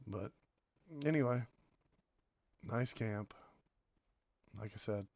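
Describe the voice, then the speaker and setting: A man with a hoarse voice from being sick, rambling casually as he comments on a game and drifts between topics. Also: on the low side, slow, darkish tone, no echo, muffled recording. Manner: rambling, meandering, many fillers. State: hoarse from illness. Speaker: game video host.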